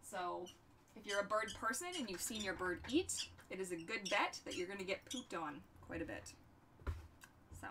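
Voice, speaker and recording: A young woman hosting a casual livestream from her home workshop, chatting in an animated way and talking to her pets. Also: medium pitch, moderate pace. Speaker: livestream host. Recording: distant mic with background noise.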